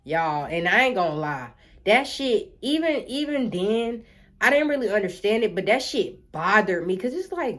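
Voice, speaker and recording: A woman telling a story to her viewers, animated and talking straight to them. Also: high voice. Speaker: vlogger. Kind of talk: storytime vlog.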